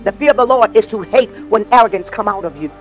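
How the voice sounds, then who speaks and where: A man's voice: high voice, quick pace, faint music behind. A man preaching a sermon as a minister, repeating phrases for emphasis and at times slipping into sung lines. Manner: tells personal stories in an informal preaching voice. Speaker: minister of the gospel.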